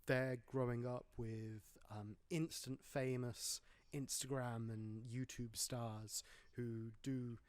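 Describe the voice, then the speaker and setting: A man's voice: mid-range voice, steady tone, slow pace, few pauses, no room sound. A man hosting a casual film podcast, talking in a chatty, rambling way with wry jokes. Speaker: podcast host.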